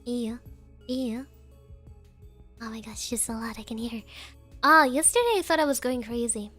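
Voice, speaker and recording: A woman's voice: fairly high pitch, moderate pace, bright, forceful tone, faint music behind. A young woman chatting casually on a stream, giggling often and coaxing her dog.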